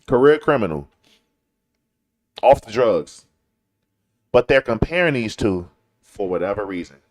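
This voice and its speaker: A man's voice: fairly low pitch, expressive, a little slow. A man from Chicago talking in a casual, slangy commentary style, repeating points for emphasis. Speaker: commentary show host. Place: lives in Texas.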